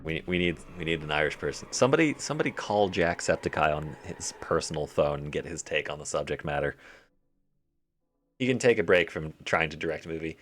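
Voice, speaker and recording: A man's voice: very deep voice, animated, fairly quick, slight background noise. A young man streaming a game live, rambling and joking to himself and to his chat. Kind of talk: casual live-stream commentary.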